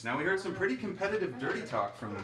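A man's voice: high voice, very animated, fast, reverberant, a crowd in the background. A man hosting with showy, teasing game-show patter. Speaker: host.

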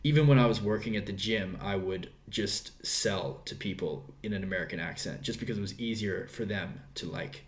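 A man's voice: fairly low pitch, brisk, few pauses. An Australian man, a guest actor in a casual interview, talking animatedly and repeating words for emphasis.

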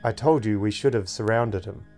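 A man voicing a teenage girl who leads a street gang, speaking in a calm, cultured, mocking way. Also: lowish voice, normal speed, faint music behind, natural voice.

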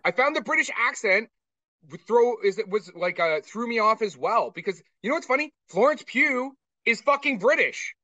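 A man's voice: very high-pitched, normal speed, no room sound, far from the mic, muffled recording. A man co-hosting a podcast, chatting casually and profanely while reviewing a movie. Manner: profane, ranting, animated. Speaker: podcast co-host.

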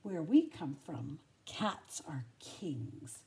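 An older woman puts on a pair of crafty storybook cats that drawl their words in a slow, sly sing-song. The voice is warm and unhurried, dragging each phrase out with a sneer. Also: low voice, sing-song, voice pushed down, full character voice.

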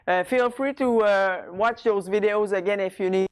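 A woman teaching French grammar in English, patiently checking understanding and sounding out French words slowly. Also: medium pitch, clean tone. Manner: switches between French and English, says words slowly to model them. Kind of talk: explaining a language lesson.

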